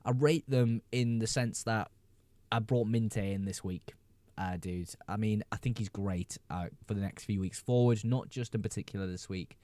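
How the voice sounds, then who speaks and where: A man hosting a casual fantasy football live stream, reading viewer questions aloud, answering them quickly and laughing often. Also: on the low side, warm tone, no room sound.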